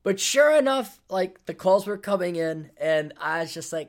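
A man's voice: high voice, sing-song, moderate pace. A man hosting a podcast, telling a casual, profane story full of tangents and restarts. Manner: profane, rambling, drifting into tangents. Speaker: podcast host.

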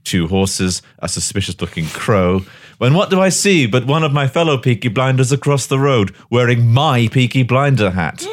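Animated man telling a comic tale. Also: mid-range voice, normal speed. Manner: animated, swearing, mock-dramatic. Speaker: podcast host. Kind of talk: comic storytelling.

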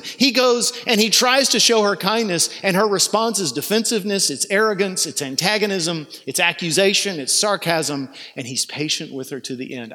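A man's voice: a little high, sharp tone. A male pastor preaching a sermon in an earnest, urging way, with conversational asides. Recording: long hall reverb.

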